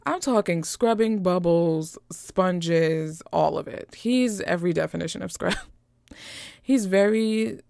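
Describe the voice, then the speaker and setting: A woman host giving casual, animated commentary on holiday movies, joking and slangy. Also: lowish voice, slow pace, creaky, no room sound, clean studio sound.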